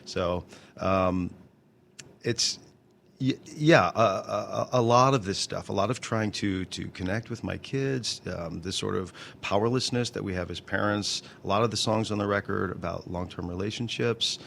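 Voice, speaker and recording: A man's voice: on the low side, gravelly, fairly bright tone, a little hiss or hum. A man in his fifties, a guest in an interview, talking candidly with many halts and restarts. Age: 50s. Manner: halting, many restarts and repeated words. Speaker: interview guest, actor and songwriter.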